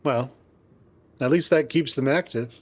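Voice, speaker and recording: A man's voice: mid-range voice, a little slow, natural voice. A man voicing an upbeat young male furry friend who narrates in first person, encouraging and teasing, reading a visual novel aloud.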